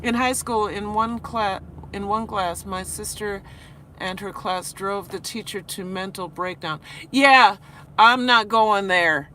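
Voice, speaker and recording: A tired woman who teaches high school talks through a rough day in a live vlog, halting and restarting as she reads comments. Her voice is bright and clear. Faint traffic noise sits behind her in the car. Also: steady tone. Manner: emotional, earnest, halting with restarts. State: worn out after crying. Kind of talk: live-stream vlog, reading chat.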